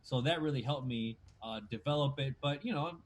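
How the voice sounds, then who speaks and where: Animated man with Mexican Spanish accent. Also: mid-range voice, fairly quick. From Tijuana, Mexico. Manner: animated, slangy, says dude and bro a lot. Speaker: guest, sports anchor. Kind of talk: casual chat.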